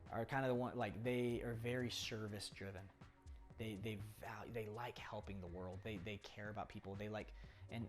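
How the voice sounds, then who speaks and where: A chatty young man with a lowish voice talks through his ideas in a loose, rambling way, full of restarts and quick laughs. Faint music plays underneath him. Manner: chatty, rambling, laughs often, acts out quoted people. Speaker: poker coach. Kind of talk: casual talking-head explainer.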